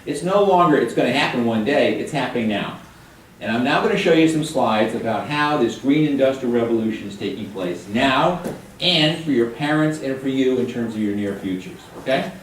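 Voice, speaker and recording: An older man giving a guest lecture to high school students, chatty and joking as he quizzes the room. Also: lively intonation, moderate pace, a little hiss or hum. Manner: chatty, jokey, quizzes the audience. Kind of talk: classroom lecture with questions to students. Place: high school hall or classroom. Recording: echoey room, mic at a distance.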